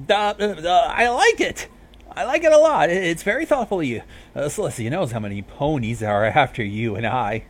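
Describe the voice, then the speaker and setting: A man's voice: medium pitch, animated, a little fast, slightly rough. A man voicing a posh, prim young mare musician who talks in a huffy, proper way. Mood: flustered.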